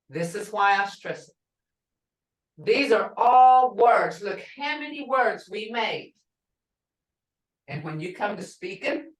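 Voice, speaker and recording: A middle-aged woman with a mid-range voice teaches a language class at a deliberate, unhurried pace, saying each word and then slowly repeating it for her students. The mic is a little distant and picks up a roomy echo.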